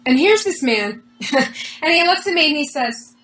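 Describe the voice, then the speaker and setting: Over soft background music, a woman with a high-sitting voice speaks at normal speed as an interview guest. She earnestly retells a personal experience, animatedly performing the lines of dialogue. The audio is poor.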